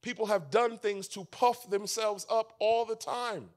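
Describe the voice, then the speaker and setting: Pastor guy preaching, goes big and loud then drops almost to a whisper, repeats stuff for punch. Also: high-pitched, expressive, moderate pace, hardly any pauses. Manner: dramatic swings from loud emphasis to hushed, near-whispered lines; emphatic repetition of phrases. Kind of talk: sermon. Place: church camp meeting.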